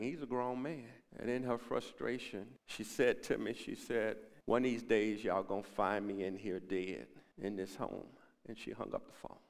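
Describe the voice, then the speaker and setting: A man pastor preaching a sermon, building to loud emphatic peaks and dropping to hushed, almost whispered moments, quoting scripture in old-fashioned wording. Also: mid-range voice, gravelly, in a large hall. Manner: preaching with swelling emphasis and soft hushed drops; quotes scripture in King James wording.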